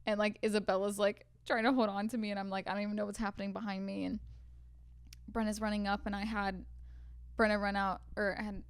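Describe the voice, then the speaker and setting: Young woman, podcast co-host, casual storytelling, lots of fillers, smooth voice, dry close sound. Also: medium pitch, flat delivery, quick pace, dry recording. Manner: chatty storyteller, many "like" fillers. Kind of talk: casual chat.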